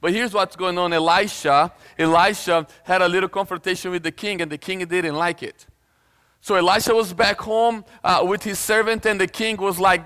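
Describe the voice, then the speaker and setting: High-voiced animated male preacher. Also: normal speed, clear, resonant tone, long reverb tail. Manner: animated storytelling, acts out voices, casual asides. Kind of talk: sermon.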